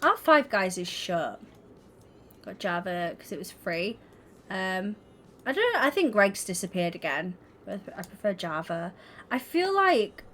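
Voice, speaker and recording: A woman's voice: medium pitch, a bit bright, a little hiss or hum. A young woman streaming, chatting casually and giggling as she talks to her viewers. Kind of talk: casual livestream chat while gaming.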